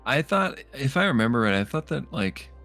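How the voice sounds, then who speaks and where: A man playing a tabletop role-playing game, speaking haltingly with many fillers. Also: mid-range voice, big pitch swings, a bit bright, soft background music. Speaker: player.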